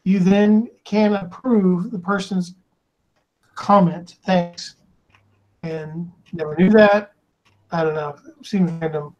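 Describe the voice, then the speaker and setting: A man's voice: high-pitched, steady tone, slow pace, pauses often, lo-fi sound. A man hosting a casual live stream, reading viewer comments aloud and stumbling over the names.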